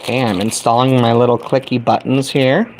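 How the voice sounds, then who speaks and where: A man's voice: medium pitch, level tone, a little fast. A middle-aged American man chatting casually with his livestream viewers while he builds a small kit. He talks in a folksy, chatty way and addresses the audience directly. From United States. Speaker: livestream host.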